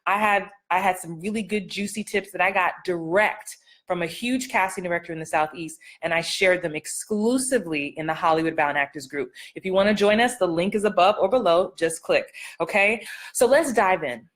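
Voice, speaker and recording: A woman's voice: lowish voice, moderate pace, a bit bright. A middle-aged woman acting coach giving casual live-stream advice, playful and sassy, laughing often and acting out line readings.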